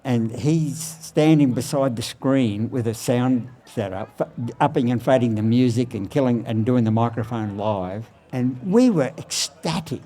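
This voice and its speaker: An Australian man of eighty telling lively stories as a guest, recorded outside a surfboard factory. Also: mid-range voice. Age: 80s. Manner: animated storyteller, laughs often. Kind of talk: storytelling interview.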